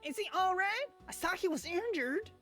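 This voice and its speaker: Guy putting on a squeaky high-strung young soldier dude, frantic and shrill, swoops all over. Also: lively intonation, moderate pace, fairly bright tone, soft background music. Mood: anxious.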